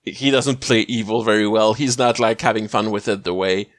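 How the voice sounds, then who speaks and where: A man's voice: lowish voice, fairly even intonation, normal speed, no room sound. A man in a casual podcast chat, recorded close and dry with no room sound. He chatters in an amused way and drops in frequent short "uh-huh"s. His delivery stays easygoing and conversational. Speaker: podcast co-host.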